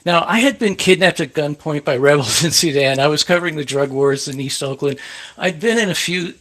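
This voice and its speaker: A man, a photographer, telling a lively anecdote on a panel and acting out the quotes. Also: fairly high pitch, a little fast. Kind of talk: storytelling on a panel.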